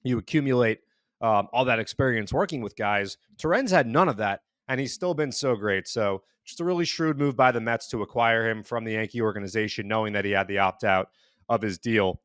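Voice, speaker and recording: A man co-hosting a casual sports chat in a measured, analytical manner with some teasing. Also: on the low side, fairly bright tone, clean tone, no room sound, clean studio sound. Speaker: co-host.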